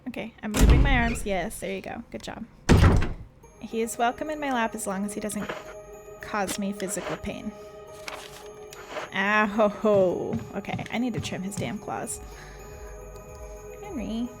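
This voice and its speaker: Streaming a horror video game over loud game music, a woman chats playfully with her viewers and her cat, tossing in self-mocking remarks. Her voice sits in the mid-range, and she speaks at a measured pace with long pauses.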